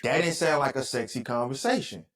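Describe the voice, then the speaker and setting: A man's voice: mid-range voice, fairly quick, a bit bright. A man co-hosting a podcast, talking in loose, slangy casual chat and acting out voices for fun. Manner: loose, slangy storytelling with playful voice impressions. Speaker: podcast co-host.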